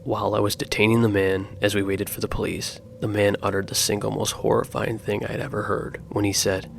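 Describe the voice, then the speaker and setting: Man, horror narration, scripted, heavy vocal fry, level monotone delivery. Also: lowish voice, brisk, hardly any pauses, slight background noise.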